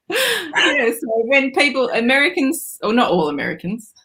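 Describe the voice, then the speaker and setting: A woman's voice: high voice, sing-song, slow pace, pushed and bright. A woman with an Australian accent, a guest author on a live show, easygoing and laughing often between phrases. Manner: giggly, easygoing. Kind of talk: casual chat on a live show.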